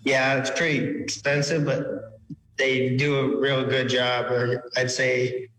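A young man in his twenties answers at a very slow, hesitant pace. His voice comes over a video call from a hallway at work. The line is echoey, with a long hall reverb and faint music underneath. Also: medium pitch, flat delivery, a little hiss or hum. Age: 20s. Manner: slow, hesitant, soft-spoken. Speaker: caller. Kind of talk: casual chat.

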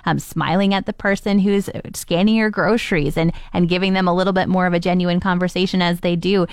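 A woman co-hosting a morning radio show, speaking in a warm, conversational way. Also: fairly low pitch, steady tone, a little fast, clear, resonant tone, no room sound, clean studio sound. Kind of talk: casual morning radio chat.

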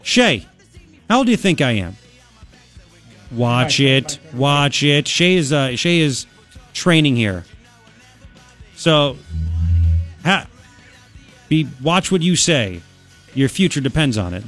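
A man in his forties hosting a talk radio show, joking with his co-host and telling animated stories between political commentary. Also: on the high side, slow, long pauses, faint music behind. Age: 40s. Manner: joking, teasing, animated storytelling. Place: radio studio. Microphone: studio mic.

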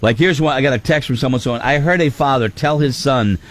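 A man hosting a call-in radio show, talking in an animated way with frequent laughs and stammered restarts. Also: mid-range voice, a little fast, soft background music. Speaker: radio host.

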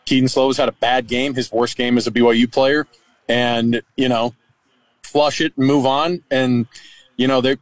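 A man's voice: medium pitch, dry recording, rough recording. A man from Texas, a radio sports host, guesting on another show and giving long, chatty analysis. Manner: chatty, fillers, explains at length.

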